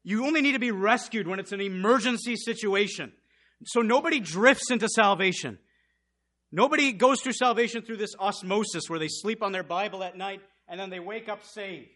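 Passionate bright-voiced male preacher. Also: high-pitched. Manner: swings from loud passionate outbursts to hushed, intense storytelling. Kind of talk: sermon.

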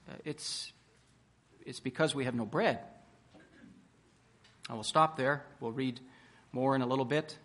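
A man preaching a sermon at a conference, building up emphatically with slowed, stressed words and rhetorical questions. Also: on the high side, a bit bright. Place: conference hall.

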